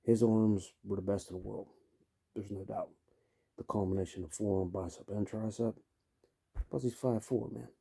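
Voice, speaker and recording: Gravelly, dark-voiced man in his fifties. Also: fairly low pitch, fairly even intonation, normal speed, long pauses. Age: 50s. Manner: rambling, blunt, peppered with "man" and "you know". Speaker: vlogger. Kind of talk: casual rant to camera.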